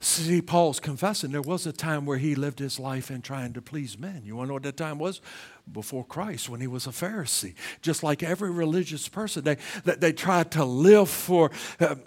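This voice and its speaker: This pastor's voice is on the high side as he delivers a church sermon. Emphatic, loud stretches give way to slow, quiet questions, and he frequently repeats words at the start of phrases.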